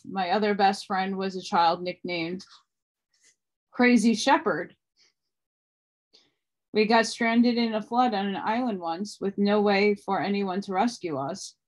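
A woman reading a book aloud at a steady pace, now and then stumbling and restarting a word. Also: medium pitch. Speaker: audiobook reader.

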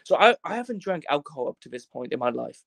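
A man's voice: fairly high pitch, big pitch swings, quick pace, creaky, fairly bright tone, dry recording. A young man from Wales, a podcast guest telling a rambling, jokey story in casual chat, swearing freely and acting out the voices of the people in it. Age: young adult.

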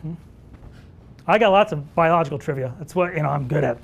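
A man teaching wildlife photography at a live workshop, telling stories and answering audience questions in an animated way. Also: fairly high pitch, fairly quick, vocal fry, husky, lo-fi sound. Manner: animated storyteller who acts out dialogue.

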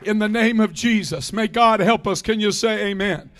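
A man in his sixties preaching a fervent Pentecostal sermon in a church, often shouting and calling for responses. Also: high voice, normal speed. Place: church sanctuary.

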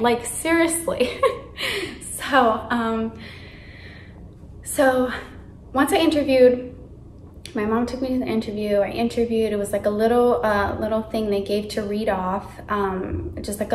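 A young woman vlogger telling a story in an animated, chatty way, full of fillers and acted-out quotes. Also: on the high side, reverberant, slight background noise. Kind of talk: casual storytime.

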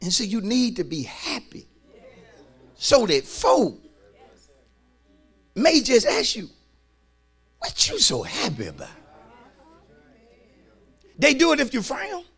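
A male pastor preaching a sermon in church, swinging from soft asides to shouting and calling on the congregation to respond. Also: extremely high pitch, very animated, takes it slowly, gravelly, long pauses, slightly rough. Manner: colloquial, calls on the congregation to respond.

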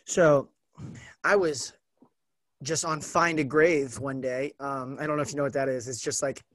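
A man's voice: mid-range voice, steady tone, moderate pace, a bit bright, dry recording. An American man hosting a podcast, asking questions in a casual, rambling way with many fillers. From United States. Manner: rambling, filler-heavy, curious. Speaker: podcast host. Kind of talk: casual conversation.

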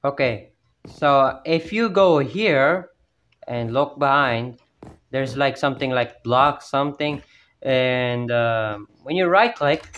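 Playing a horror map at home while family is nearby, a jumpy man keeps up chatty self-talk and yelps at each scare. His voice is mid-range and fairly bright, and he speaks slowly.

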